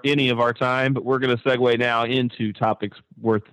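A man's voice: brisk, clean tone, dry recording, low-quality recording. Man co-hosting a casual talk show, speaking in a mid-range voice that swings up sharply when he turns sarcastic. His delivery is loose and chatty, full of restarts. The recording is close and dry, with no room sound around him. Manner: animated and sarcastic, voice jumping high when mocking. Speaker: podcast co-host.

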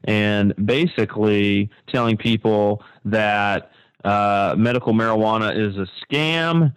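A man co-hosting a casual talk show, animated and sarcastic, his voice leaping high when he mocks something. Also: slow pace, smooth, no room sound, rough recording. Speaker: podcast co-host.

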